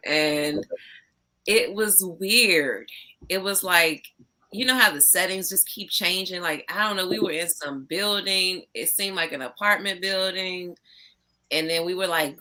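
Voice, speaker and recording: A woman with a lowish, bright and forceful voice tells her stories in loose podcast chat. She talks in an animated way, laughs easily and swears without a second thought. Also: measured pace. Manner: animated storytelling, swears freely, laughs often. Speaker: podcast guest, emcee. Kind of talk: casual chat.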